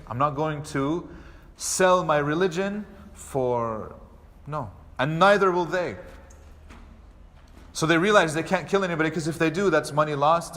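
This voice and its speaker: A man delivers a mosque lecture as a storyteller, his voice sitting a little high for a man. He acts out the characters' lines with animated delivery. The hall around him carries a long, lingering reverb. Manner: animated storyteller acting out quoted speech. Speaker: imam.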